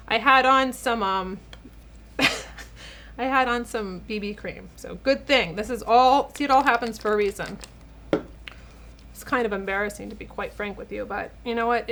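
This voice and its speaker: A woman in her forties hosts a casual beauty vlog, talking straight to the camera at home. Her voice sits a little high, and she talks in a chatty, emotional way, a bit teary, calling her viewers ladies. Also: fairly bright tone. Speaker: beauty channel host, esthetician.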